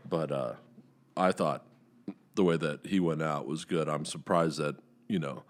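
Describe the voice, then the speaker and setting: A man with a very low voice recaps a movie on his podcast. He rambles, stops often to hunt for words, and swears casually as he goes. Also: unhurried. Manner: rambling, many "uh" fillers, profane, acts out quotes in higher voices. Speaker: podcast host reviewing a movie.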